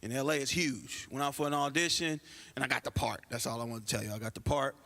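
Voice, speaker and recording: Speaking quickly at a medium pitch, a man does stand-up at a church comedy night. His set is built on animated stories in which he plays the characters he quotes.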